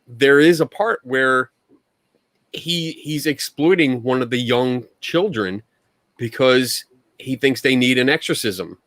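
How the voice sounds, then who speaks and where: A man's voice: medium pitch, fairly bright tone, no echo. A man co-hosting a casual podcast chat, ranting angrily and swearing, then laughing it off. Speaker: podcast co-host.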